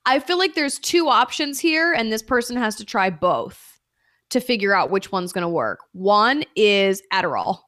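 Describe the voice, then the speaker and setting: Woman, comedian guest, brash, swears a lot, very lively pitch, dry sound. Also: moderate pace, no echo. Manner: brash, swearing, animated storytelling. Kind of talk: casual podcast chat.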